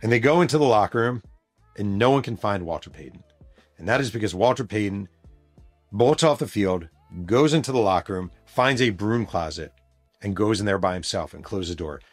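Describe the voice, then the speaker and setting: A man's voice: lowish voice, fairly quick, no room sound, soft background music. A man hosting a podcast, telling a story in a casual, emphatic way with plenty of swearing. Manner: emphatic, profane, animated storyteller. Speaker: podcast host and author.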